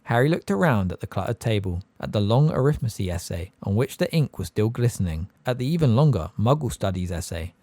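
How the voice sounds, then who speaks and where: A man narrating an audiobook in an expressive storybook style. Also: on the low side, fairly quick, hardly any pauses, no room sound. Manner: expressive, varied delivery. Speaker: audiobook reader.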